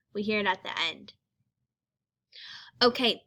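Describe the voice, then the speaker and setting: Woman, phonics teacher, patient, sounds out letters, unhurried, crisp bright tone. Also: on the high side. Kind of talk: phonics lesson for young children.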